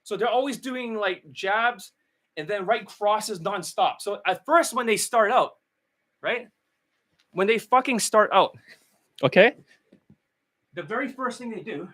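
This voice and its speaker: A man's voice: sits high, lively intonation, a little slow, pauses often, a bit bright, dry recording. A man ranting as a dating coach, blunt, profane and mocking.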